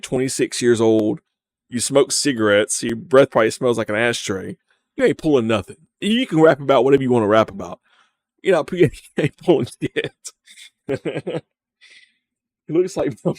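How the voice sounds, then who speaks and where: A man's voice: medium pitch, a little mellow. A man from the American South, mocking a video in casual, profane live commentary, laughing often. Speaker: streamer reacting to a video.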